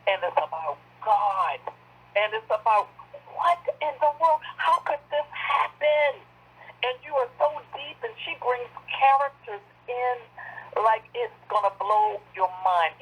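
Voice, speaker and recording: Excitable raspy woman on a call-in. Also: fairly high pitch, a little slow, low-quality recording. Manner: excited, preacher-like, swinging from shouts to murmurs. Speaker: caller, the author's mentor. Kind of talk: radio call-in praise.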